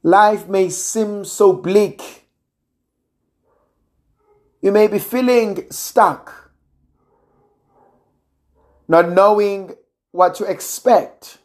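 A preacher giving a sermon in a measured, gently emphatic way, pausing often. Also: medium pitch. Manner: slow, measured, with gentle emphasis and long pauses.

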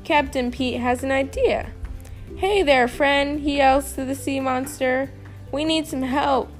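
A woman reading a children's picture book aloud, slowly and expressively. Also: sits high, soft background music. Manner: slow, expressive reading with lively character lines. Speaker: storybook reader.

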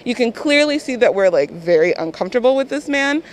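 A woman telling an anecdote in an animated way, acting out what people said. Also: fairly high pitch, brisk, poor audio. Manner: animated storyteller, quotes people vividly. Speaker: interviewee. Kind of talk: lively anecdote.

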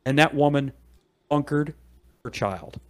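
A man's voice: a little high, unhurried. A middle-aged man, a podcast guest, telling a long story in casual chat and acting out the people in it with quoted voices.

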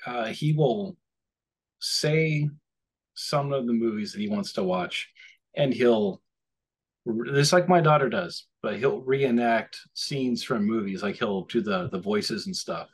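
A man co-hosting a casual podcast, his voice a little husky and breathy. He rambles easily from topic to topic. When he quotes someone he jumps into lively voices. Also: medium pitch, takes it slowly. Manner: rambling, animated when quoting others. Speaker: podcast co-host. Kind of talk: casual chat.

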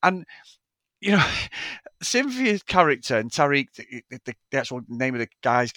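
Male podcast co-host, bright and animated, swears freely, dry close mic. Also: mid-range voice, normal speed, no room sound. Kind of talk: casual film review chat.

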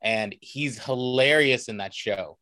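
A man's voice: medium pitch, takes it slowly, sharp tone, no echo. A man from the United States, a cosplayer guest, chatting casually and telling anecdotes with enthusiasm. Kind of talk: casual conversational storytelling.

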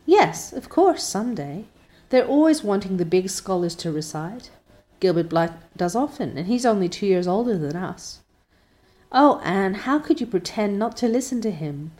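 A woman voicing an excitable, chatty young girl in a storybook reading, talking in a high, breathless gush. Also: moderate pace, natural voice. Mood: excited.

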